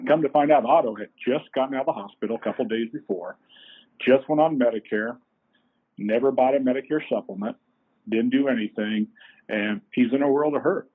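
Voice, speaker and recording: A middle-aged man tells folksy, lively stories as a podcast guest. His voice is husky and sits at an ordinary pitch for a man. The sound is thin and boxy, like a phone line. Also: brisk. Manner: folksy, animated storyteller. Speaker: company co-founder, guest. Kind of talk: anecdotal storytelling in a podcast interview.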